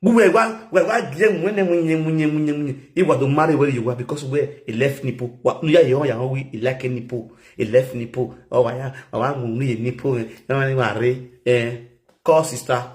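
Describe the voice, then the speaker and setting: A man talking in a rambling, casual monologue, swinging between low muttering and loud exclaiming. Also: normal speed. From Nigeria. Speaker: social media personality.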